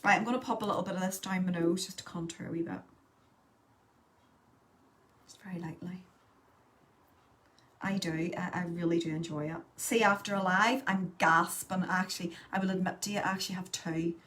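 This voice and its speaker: A woman's voice: lowish voice, steady tone, fairly quick, long pauses, a bit bright. Chatty woman doing live makeup. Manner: chatty, reads out and answers live viewer comments. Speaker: makeup tutorial host. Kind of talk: casual live makeup tutorial chat.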